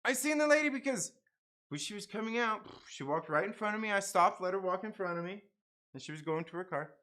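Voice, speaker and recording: A man rambles through a story on his livestream, his voice bright and swinging up and down as he acts out each person. He repeats himself often and drops in casual swearing. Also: high voice, expressive, a little fast. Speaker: channel host.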